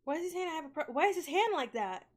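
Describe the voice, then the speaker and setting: A young woman who is sick, giving casual commentary on a horror game, screaming loudly at scares and then chattering and apologizing. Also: high voice, lively intonation, quick pace. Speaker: gaming streamer.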